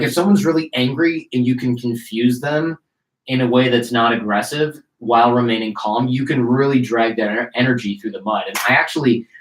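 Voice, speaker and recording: A man from Detroit and a podcast host, telling a story casually and acting out the voices of the people he quotes. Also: mid-range voice. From United States (Detroit). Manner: animated, acts out quoted voices, many "like" fillers. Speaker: podcast host, guest on a show. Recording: roomy echo.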